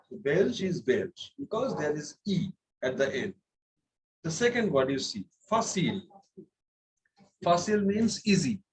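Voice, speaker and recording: A man's voice: a little high, low-quality recording. A man teaching a French class, patient, repeating words and checking that students follow. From India. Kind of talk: classroom lesson.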